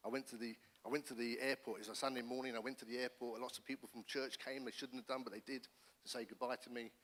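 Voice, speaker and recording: A middle-aged man, a pastor, giving his testimony in church with earnest, animated storytelling. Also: medium pitch, fast. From England. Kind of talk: personal testimony sermon. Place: church hall. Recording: long church hall reverb.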